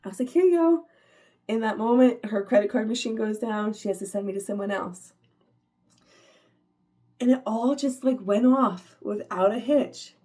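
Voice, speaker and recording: A woman's voice: mid-range voice, fairly even intonation, normal speed, mellow. A woman, giving a casual, upbeat motivational talk to her viewers, full of "like" fillers and laughter. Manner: chatty, upbeat, many "like" fillers, laughs often. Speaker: vlogger.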